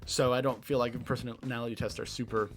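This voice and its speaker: A man's voice: mid-range voice, little pitch movement, a little fast, soft background music. Rambling young Southern man, laughs a lot. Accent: Southern American. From Southeastern United States. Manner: rambling, self-deprecating, laughs often. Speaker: podcast host. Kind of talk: casual Q&A monologue. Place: his bedroom.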